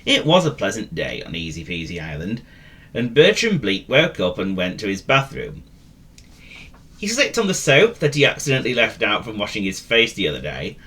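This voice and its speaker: A man reading a children's story in a very lively voice that swoops up and down. His tone is bright and crisp, and he teases the listener with playful asides. A classic storybook reading. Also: fairly low pitch, normal speed.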